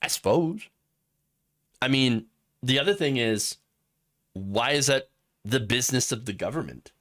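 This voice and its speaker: A man from Michigan hosting casual political commentary, talking in a sarcastic, animated way with frequent chuckles. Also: mid-range voice, a little slow.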